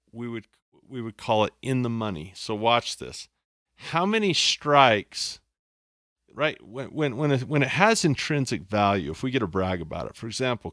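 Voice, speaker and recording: A man's voice: fairly low pitch, a bit bright, no room sound, clean studio sound. A man teaching a lesson at a board, playful and self-mocking, often repeating his phrases. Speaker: instructor. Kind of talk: explaining on a whiteboard.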